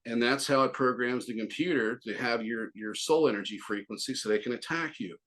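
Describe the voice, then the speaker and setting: A man's voice: mid-range voice, brisk, fairly bright tone. A man as an interview guest, telling a long personal story in a rambling way, full of restarts and quoted back-and-forth. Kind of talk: casual storytelling.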